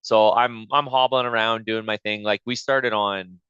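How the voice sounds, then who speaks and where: A man on a podcast spins a profane, animated story, playing out his own side of each exchange. His voice is bright and forceful, with a smooth, clean tone. The audio is dry but a little dull and lo-fi. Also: on the low side, normal speed, dry recording. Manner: profane, animated retelling with quoted back-and-forth. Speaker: podcast host. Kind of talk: casual storytelling chat.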